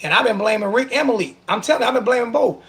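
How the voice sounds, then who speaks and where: Brief: male sports talk host, high gravelly voice, emotional and sarcastic. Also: rapid-fire. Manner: emotional, animated, sarcastic, repeats himself.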